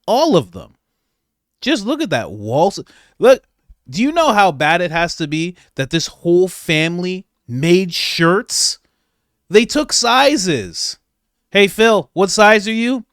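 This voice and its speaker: A male host runs comedic commentary, laughing and animated, moving from loud disbelief to low muttered asides. His pitch swings widely and sits a little high. The room sounds dry and close. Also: slow, no room sound.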